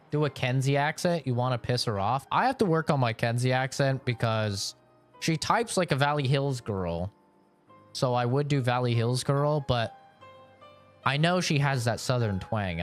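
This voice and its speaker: A young man streaming a game, chatting casually with chat, joking, laughing and swearing freely. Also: mid-range voice. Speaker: gaming streamer. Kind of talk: casual live-stream chat, reading chat requests.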